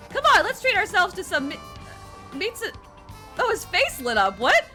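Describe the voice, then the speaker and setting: A woman voicing an eager, excitable young male police officer in game dialogue. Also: very high voice, normal speed, soft background music, pitched above the performer's own voice, exaggerated voice. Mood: upbeat. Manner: upbeat, excitable, chipper. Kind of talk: game dialogue read aloud.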